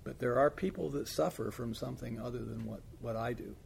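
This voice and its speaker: Gravelly man chatting candidly. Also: medium pitch, brisk, darkish tone, a little hiss or hum. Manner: rambling, filler-heavy, blunt. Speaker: AA sponsor. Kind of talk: casual chat.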